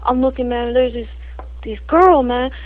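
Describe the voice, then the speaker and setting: A woman's voice: fairly high pitch, normal speed, no echo, phone-quality sound, close to an everyday voice. Woman doing a crude rambling street guy. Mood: boastful. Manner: slangy, peppers every phrase with "man" and "fool". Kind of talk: improvised comedy spoof.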